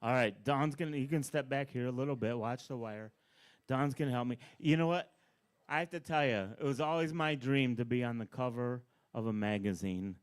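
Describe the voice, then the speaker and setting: A man doing live stand-up at an open mic, bossing an audience volunteer around with playful, deadpan asides. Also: mid-range voice, moderate pace, clear, resonant tone. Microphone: handheld stage mic.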